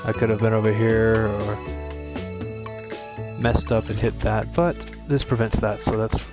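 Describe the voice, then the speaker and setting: A let's play streamer talks a little slowly in a low voice with little pitch movement, game music playing behind him. He chats casually with his viewers, commenting on his gameplay and offering tips.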